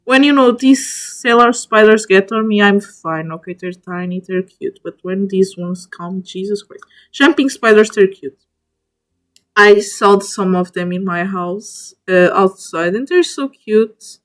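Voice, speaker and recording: A woman's voice: mid-range voice, a little slow. A woman streamer chatting casually to viewers, gushing over each animal she ranks and talking to them directly, often stopping and restarting mid-word. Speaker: streamer ranking spiders in a tier list.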